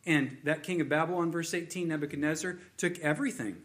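Earnest preacher man, slightly high voice. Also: quick pace, fairly bright tone. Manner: earnest, repetitive emphasis, rising intensity on key points. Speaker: pastor. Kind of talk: sermon.

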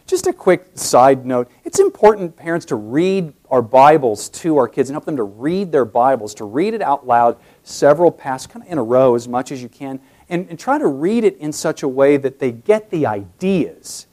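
A man preaching an expository sermon, moving between quiet explanation and loud emphasis. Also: medium pitch, very animated, normal speed, few pauses. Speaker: pastor.

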